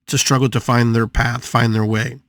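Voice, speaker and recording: Animated older man, dry close sound. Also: no room sound. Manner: animated, with sudden jumps in pitch and drawn-out playful repetition. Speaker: podcast host and spiritual healer. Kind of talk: motivational talk to an audience.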